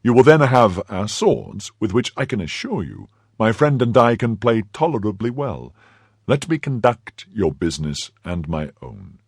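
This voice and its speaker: A man's voice: on the low side, big pitch swings, unhurried, husky, no echo, clean studio sound, full character voice. A man reading a bold, commanding young swordsman. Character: bold young male swordsman, cool-headed.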